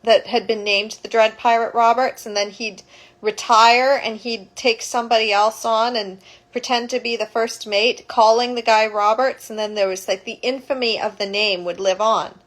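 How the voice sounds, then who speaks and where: A woman's voice: fairly high pitch, fairly even intonation, moderate pace, fairly bright tone, rough recording. A woman, a childbirth educator, retelling a story casually, rambling and correcting herself as she goes.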